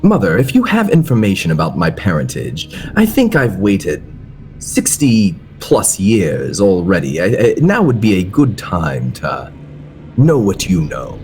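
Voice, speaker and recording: Man as a polite old man lost in time, hesitant, slow and halting, low voice with lively pitch. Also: soft background music, full character voice. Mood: earnest. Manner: hesitant, polite, many fillers. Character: elderly man from the future, the witch's polite son.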